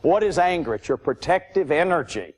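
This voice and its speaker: A man's voice: fairly high pitch, animated, a little fast. A man lecturing on addiction and recovery, emphatic and repeating his key phrases.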